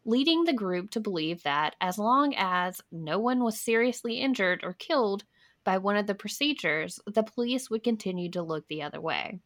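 A woman's voice: medium pitch, animated, moderate pace, fairly bright tone. A young woman co-hosting a podcast, reading history notes aloud in a casual way and stopping for wry asides. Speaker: podcast co-host.

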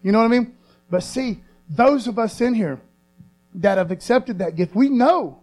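A man preaching a sermon, repeating phrases slowly for emphasis and asking for amens. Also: expressive, a little mellow, soft background music. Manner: call-and-response, asks congregation for affirmation. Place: church sanctuary. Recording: low mains hum.

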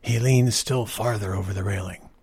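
A man reading a short story aloud in a measured, expressive way, with a husky voice. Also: fairly low pitch, no echo, studio quality.

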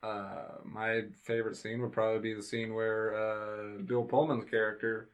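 A man on a podcast panel, calmly correcting plot details in casual chat. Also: lowish voice, normal speed. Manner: calm, matter-of-fact corrections. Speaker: podcast co-host. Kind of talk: casual movie discussion.

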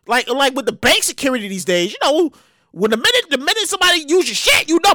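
A woman hosting her own show, giving animated, profane comedic commentary on news stories and repeating her words as she riffs. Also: high-pitched, fast talker, no room sound, clean studio sound. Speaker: podcast host.

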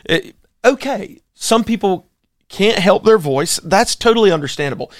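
A man's voice: sits high, animated, moderate pace, no room sound, studio quality. A man who is a pastor and co-host, giving opinionated casual commentary with emphatic rhetorical questions. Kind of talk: casual talk show commentary.

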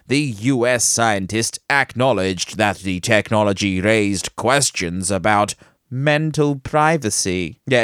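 A man's voice: mid-range voice, no room sound, clean studio sound. A man hosting a podcast, reading news items and breaking off into jokey, rambling asides, laughing at himself. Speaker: podcast host.

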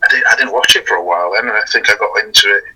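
Husky laid-back man from Wales. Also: fairly low pitch, very fast, bright, forceful tone, poor audio. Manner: laid-back, laughs often, hesitant fillers. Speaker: podcast guest, wrestler and strongman. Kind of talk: casual chat.

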